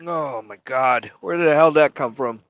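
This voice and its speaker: Sniffling and in tears, this trucker livestreamer talks emotionally from his truck cab, cursing and then saying sorry in casual stream chatter. He speaks at medium pitch and moderate pace, slightly bright, on a dry, dull-sounding recording.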